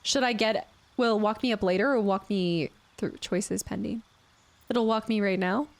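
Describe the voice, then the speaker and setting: A woman streams a game with chatty, playful commentary, thinking out loud and thanking viewers from the chat. Her voice is mid-range and her pace is normal.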